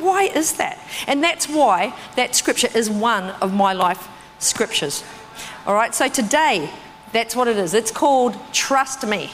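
Animated woman preaching in a reverberant hall. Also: slight background noise. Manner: animated storytelling, acting out her own reactions with big pitch jumps. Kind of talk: sermon with personal testimony.

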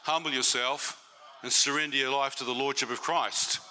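A man's voice: medium pitch, steady tone, moderate pace, pushed and bright, slight background noise. A man giving a testimony sermon to a church meeting, conversational and often asking the audience questions.

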